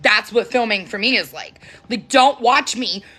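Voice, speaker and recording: Chatty lady on a phone live stream, bright voice, laughs a lot. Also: on the high side, moderate pace, breathy edge. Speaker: TikTok live host. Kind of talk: casual live-stream chat. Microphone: phone camera.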